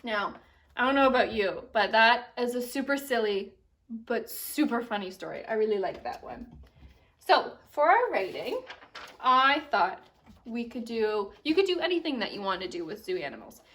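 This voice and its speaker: Bright storytelling teacher, woman. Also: fairly high pitch, normal speed, recorded from a distance. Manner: animated storytelling with expressive character voices. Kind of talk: reading a picture book aloud to children.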